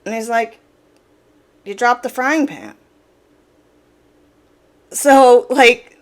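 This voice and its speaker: A woman hosting an opinion commentary, explaining her points in a direct, casual way and stressing them by repeating words. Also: a little high. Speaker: commentary channel host.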